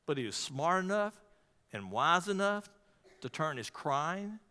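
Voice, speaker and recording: A man's voice: fairly high pitch, sing-song, unhurried, sharp tone, long reverb tail. A man pastor preaching a sermon in a conversational way, calling out to the congregation.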